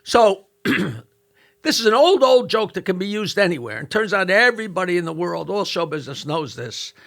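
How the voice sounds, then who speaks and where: Bright-voiced older comedian telling stories. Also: male voice, high voice. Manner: animated joke-telling with quick asides. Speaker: comedian guest. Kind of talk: casual storytelling chat.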